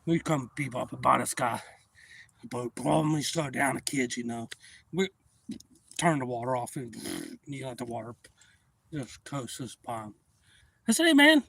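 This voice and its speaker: Gravelly man spinning a yarn. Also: mid-range voice. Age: 40s. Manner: profane, animated yarn-spinning. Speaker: livestream host. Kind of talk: casual storytelling on a livestream.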